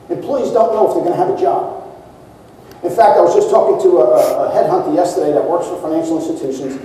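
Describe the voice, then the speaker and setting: In a large conference hall, a man with a high, warm voice delivers a motivational keynote, speaking emphatically and throwing rhetorical questions at the audience. The mic sits far away, so the hall sounds echoey, with slight background noise.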